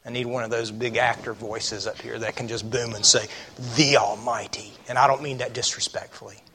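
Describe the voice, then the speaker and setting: A man's voice: medium pitch, flat delivery, fairly quick, bright, forceful tone, a little hiss or hum. A man preaching a sermon as a pastor, reading scripture aloud and asking the congregation rhetorical questions. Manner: reads scripture aloud with emphasis.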